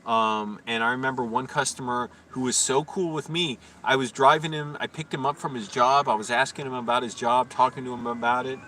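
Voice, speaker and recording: A man's voice: medium pitch, fairly even intonation, fairly quick, few pauses, pushed and bright. A man telling stories on a casual live stream in a profane, ranting, indignant way. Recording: distant mic with faint background noise.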